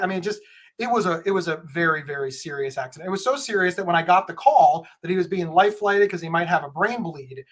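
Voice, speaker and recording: A man, a podcast guest, telling a story in an animated way with many stammered restarts. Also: on the high side. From United States. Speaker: podcast guest, mental health speaker. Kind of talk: conversational storytelling.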